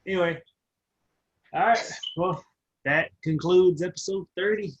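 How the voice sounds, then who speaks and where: A man co-hosting a podcast in a laid-back, halting way as he wraps up the show. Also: high voice, slightly rough. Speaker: podcast co-host. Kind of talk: casual podcast sign-off. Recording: dry, slightly dull lo-fi sound.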